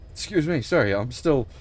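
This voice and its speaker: A man's voice: a little high, husky. Rambling, swearing male game streamer. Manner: rambling, emphatic, swears often. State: emotional, choked up. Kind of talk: casual livestream commentary.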